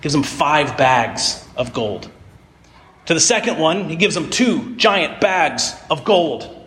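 A fairly high-voiced man preaches, retelling old parables in a loose, conversational storytelling manner. His voice rings out with a long, echoing reverb around a big hall. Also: lively intonation, takes it slowly, fairly bright tone. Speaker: pastor. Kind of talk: sermon.

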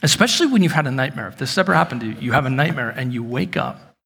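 A man in his thirties preaching a sermon in a church hall, telling stories with lively acted-out moments. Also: medium pitch, very fast, gravelly, breathy edge. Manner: animated storytelling, acts out shouted quotes. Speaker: pastor. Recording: long reverb of a large hall.

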